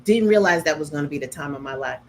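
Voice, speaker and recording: Brief: middle-aged New woman, lower voice, animated storyteller host, faint room hum. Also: fast, low-quality recording. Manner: animated, acts out quotes with big pitch jumps. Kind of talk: casual storytelling chat.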